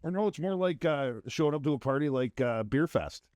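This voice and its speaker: A man's voice: on the high side, expressive, brisk, darkish tone, no room sound. A man co-hosting a podcast who chimes in with teasing jokes and laughter during casual banter. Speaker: podcast co-host.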